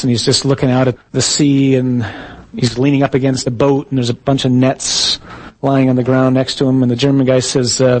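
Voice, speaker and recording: A man's voice: medium pitch, poor audio. A man, a priest, giving a conversational teaching talk to a live audience, with jokes and stories along the way. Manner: conversational, joking, tells stories.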